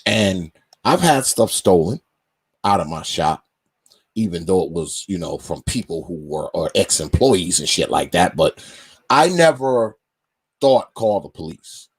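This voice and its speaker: A man's voice: sits low, sing-song, measured pace, husky. A man hosting a live stream in a loose, slangy, casual way, greeting viewers and telling stories. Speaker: host.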